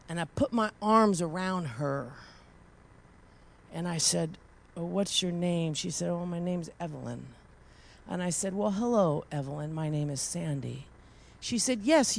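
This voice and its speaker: A woman preacher telling a personal story in a sermon, moving from hushed storytelling to loud, impassioned praise. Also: lowish voice, vocal fry.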